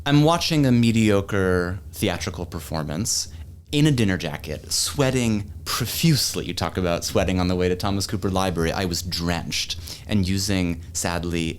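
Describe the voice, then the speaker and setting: Man, from New England, history professor, low voice, wry storyteller, faint hiss. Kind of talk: anecdotal storytelling.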